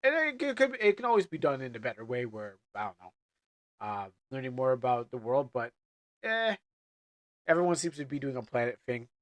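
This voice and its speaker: A man's voice: medium pitch, very animated, a little fast, fairly bright tone, no echo. A man streaming a game live and chatting casually, rambling, stammering and repeating his words as he thinks aloud.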